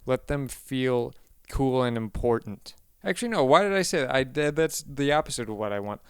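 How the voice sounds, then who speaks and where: Rambling man with a smooth, dry voice. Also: mid-range voice, moderate pace, no room sound. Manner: rambling, self-correcting, deadpan asides. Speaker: comedian. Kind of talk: rambling comedic monologue.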